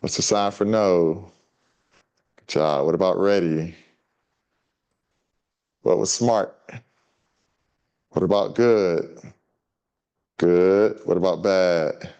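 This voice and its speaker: A man reading a children's story and teaching signs to an audience in a relaxed, chatty way. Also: deep voice, slow, long pauses, clear, resonant tone, lo-fi sound. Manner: relaxed, chatty teaching talk with many fillers. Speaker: guest sign language teacher.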